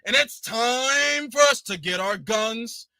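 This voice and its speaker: A pompous orator declaiming from an imagined podium, as a man puts him on. He has a high, bright voice that is pushed even higher. His delivery is slow, booming and grandiose, and the sound is dry and close. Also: gravelly, dry recording, exaggerated voice.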